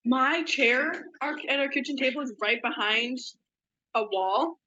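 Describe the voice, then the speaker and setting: Brief: young woman, bright tense voice, rambling and self-deprecating, dull muffled audio. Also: high voice, unhurried. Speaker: podcast co-host. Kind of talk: casual chat.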